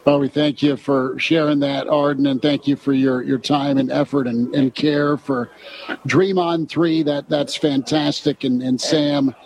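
A man's voice: a little high, level tone, unhurried, a little mellow, rough recording. A man hosting a casual sports radio show, joking and laughing often with his co-hosts. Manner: jokey, laughs often, many restarts. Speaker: radio host.

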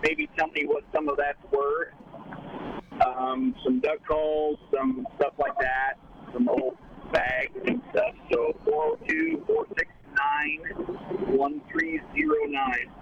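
A man's voice: fairly high pitch, sing-song, slight background noise. A man calling in to a radio show, hesitantly describing old outdoor gear he wants appraised. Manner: hesitant, halting. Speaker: caller. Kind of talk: phone call to a radio show. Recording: dull phone line.

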